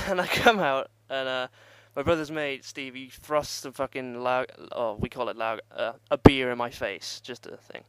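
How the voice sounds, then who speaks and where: A man's voice: mid-range voice, fairly even intonation, moderate pace, few pauses, a bit bright, smooth, dry recording. A young man telling a rambling, profane party story in casual vlog style and laughing at himself. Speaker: vlogger.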